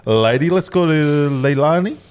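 A man's voice: a little high, animated, normal speed, a little mellow, clean tone. A Tongan-born man, hosting a podcast chat, teasing and steering the talk. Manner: teasing, leads the segments. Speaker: podcast host. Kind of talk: casual chat.

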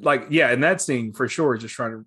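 A man co-hosting a casual comic review podcast, lively and profane, often acting out characters. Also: mid-range voice, moderate pace, breathy edge. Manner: lively, acts out characters in quoted lines; profane, laughs easily. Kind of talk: casual chat.

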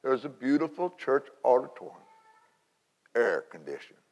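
A man, an evangelist telling a story in a sermon, folksy and animated with many restarts, in a large church hall. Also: medium pitch, normal speed. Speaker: evangelist preacher.

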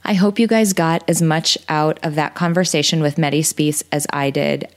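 A woman's voice: low-pitched, fairly even intonation, normal speed. A woman in her thirties hosting a podcast, speaking earnestly and with feeling, closing an interview and giving a motivational recap. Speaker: podcast host.

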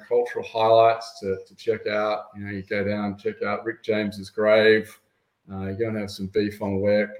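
A man's voice: on the low side, a little mellow. A man in his thirties with an Australian accent, a guest telling a story in an enthusiastic casual chat. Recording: roomy echo.

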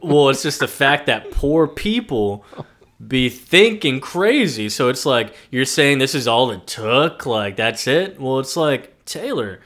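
A man's voice: mid-range voice, very animated, unhurried, a bit bright. A man co-hosting a casual rewatch podcast, joking about scenes and quoting the characters. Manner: laid-back, joking, quotes characters. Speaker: podcast co-host. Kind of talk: casual rewatch recap chat.

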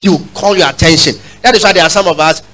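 A man preaching a sermon, urging the congregation to repeat lines after him and building to loud, emphatic peaks. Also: a little high, quick pace, low-quality recording. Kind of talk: sermon with call-and-response.

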